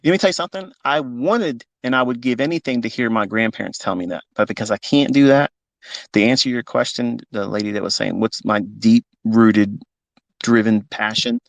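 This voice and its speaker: A man's voice: mid-range voice, lively intonation, a little fast, creaky, fairly bright tone, dry recording. A fifty-year-old man, a trading mentor, speaking off the cuff in a live audio talk, emotional and blunt and swearing freely. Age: 50s.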